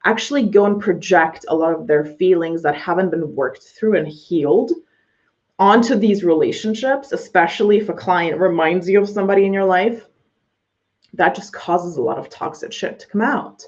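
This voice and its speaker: A woman's voice: on the low side, moderate pace, a little mellow. A woman coaching her audience directly in a blunt talk, swearing freely as she goes. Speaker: business coach. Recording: slightly dull lo-fi audio.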